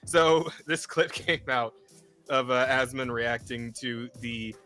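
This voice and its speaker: A man co-hosting a casual streamed podcast, talking in an animated way, swearing, laughing often and repeating words as he stumbles. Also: mid-range voice, slow pace, faint music behind. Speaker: podcast co-host.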